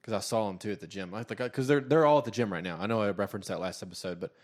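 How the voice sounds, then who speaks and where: A man's voice: fairly low pitch, rapid-fire, darkish tone. A man in his thirties co-hosting a casual comedy podcast, rambling through stories and breaking into mocking voices. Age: 30s. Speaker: podcast co-host.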